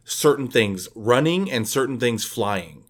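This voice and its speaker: A man hosting a casual chat, telling a made-up scenario in a joking, lively way. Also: medium pitch, a little slow. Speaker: podcast host.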